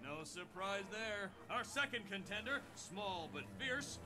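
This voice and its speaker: A showy pirate tavern announcer in a game, pitched high with a lively, swinging delivery. Music plays clearly behind him. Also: male voice, a little slow. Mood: announcing. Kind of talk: video game voice acting.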